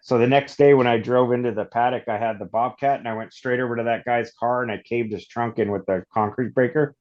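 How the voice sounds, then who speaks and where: A man from Northern California, a podcast guest, telling long rambling stories in a casual, animated way. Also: mid-range voice, fairly quick, dull audio. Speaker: podcast guest, off-road shop owner. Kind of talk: casual storytelling.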